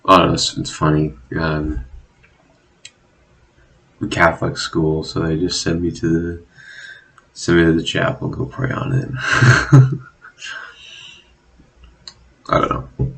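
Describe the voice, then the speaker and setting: A young man talking casually in a rambling, self-deprecating monologue, swearing often and filling pauses with "like" and "um". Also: sits low, fairly even intonation, vocal fry, a bit bright, rough recording. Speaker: vlogger. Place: at home, drinking.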